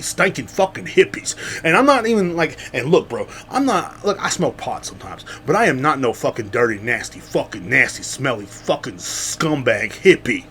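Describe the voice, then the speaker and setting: A man rants on his own podcast, rambling and swearing freely. His pitch swings widely as he gets heated and sarcastic, with a faint hiss of noise under the voice. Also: a bit bright. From Central Texas, USA. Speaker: podcast host. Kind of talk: casual ranting monologue.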